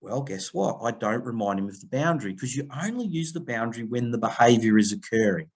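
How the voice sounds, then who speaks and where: A man's voice: medium pitch, brisk, slightly rough. A middle-aged Australian man talking as a podcast guest, telling stories with energy and acting out the other voices in them. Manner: animated storytelling, acting out phone quotes. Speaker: guest, people-pleasing coach. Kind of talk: conversational podcast interview.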